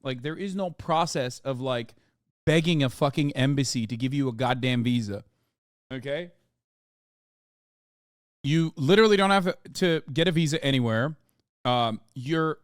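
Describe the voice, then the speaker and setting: A man hosting a live-stream reaction, talking in an animated, profane, ranting way. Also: on the high side, no echo, clean studio sound. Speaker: streamer host.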